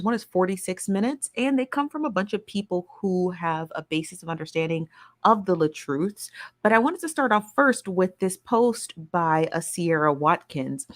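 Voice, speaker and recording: A woman's voice: on the low side, fairly bright tone. A woman hosting a live stream, chatting casually and playfully while greeting viewers by name.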